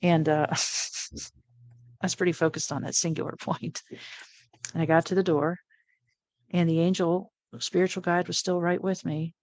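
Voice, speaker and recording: Lively middle-aged woman telling her story. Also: lowish voice, moderate pace, pauses often, dry recording. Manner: animated, laughs often, acts out quoted lines. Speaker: interview guest. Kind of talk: personal storytelling.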